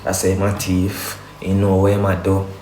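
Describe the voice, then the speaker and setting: A Jamaican man with a very deep voice rants in a heated, defensive way, throwing in rhetorical questions. His voice bounces around an echoey room. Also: monotone, moderate pace, mellow, slight background noise. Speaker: livestreamer defending family. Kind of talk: heated casual rant.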